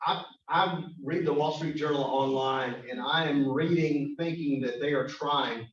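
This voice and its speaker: A man's voice: fairly high pitch, moderate pace, hardly any pauses. A man giving a prepared, earnest speech to a club meeting. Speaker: guest speaker. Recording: echoey, distant, dull room recording.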